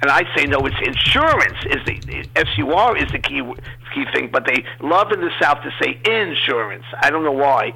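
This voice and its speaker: A man from New York, a guest on a radio talk show, giving measured opinions in casual chat. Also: on the high side, gravelly, sharp tone, husky, rough recording. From Queens, New York. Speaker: guest commentator.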